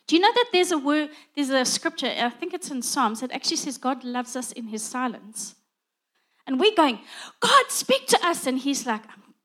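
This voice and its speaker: A woman's voice: sits high, normal speed. A middle-aged woman preaching a conversational sermon, acting out little dialogues as she goes.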